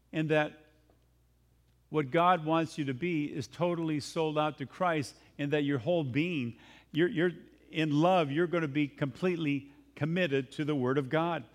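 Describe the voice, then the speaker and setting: A male pastor preaching a sermon, reading scripture and acting out the scenes with a rising voice. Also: on the high side.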